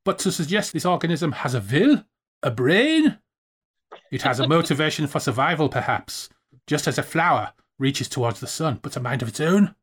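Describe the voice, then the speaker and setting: Man reading aloud as stern professor, dismissive, lecturing, higher and louder than his own voice. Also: sing-song, moderate pace, slightly rough, exaggerated voice. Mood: scornful lecturing. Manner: scornful, talking down.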